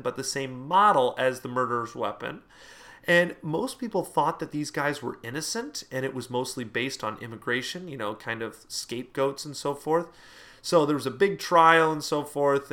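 A man's voice: medium pitch, a bit bright. A man teaching a history lesson in a conversational way, with fillers and playful asides. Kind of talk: classroom history lecture.

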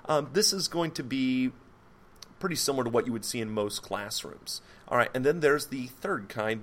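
A man's voice: medium pitch, moderate pace, a bit bright. A man hosting a solo podcast, explaining a psychology topic in a loose, rambling way with many fillers, self-corrections and jokey asides. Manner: jokey asides, mock French accent on foreign words. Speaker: podcast host. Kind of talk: casual solo podcast lecture.

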